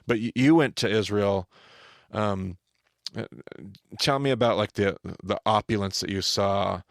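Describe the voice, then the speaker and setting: Gravelly-voiced man teaching on a podcast. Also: on the low side, unhurried, dry recording, studio quality. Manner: animated, restarts and asks co-host questions. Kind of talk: conversational Bible teaching.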